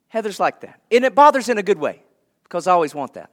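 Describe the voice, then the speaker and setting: A man's voice: high voice, big pitch swings, quick pace, fairly bright tone. A man preaching a sermon to his church in a conversational way, laughing lightly now and then. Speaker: pastor.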